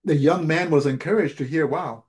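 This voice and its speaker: Preacher, male, slightly high-pitched, storytelling sermon that acts out dialogue, halting restarts. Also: darkish tone.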